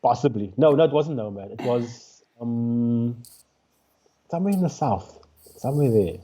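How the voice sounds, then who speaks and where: A young comedian telling stories as a guest in a casual interview, with lots of fillers and restarts. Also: male voice, medium pitch, normal speed, breathy edge. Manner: animated storyteller with frequent fillers and restarts. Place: remote call during lockdown.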